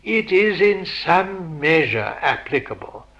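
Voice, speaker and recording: Slow, gravelly male lecturer. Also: on the high side, very animated, a bit bright, highs cut off. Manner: measured, posing rhetorical questions to the audience. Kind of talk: philosophical lecture.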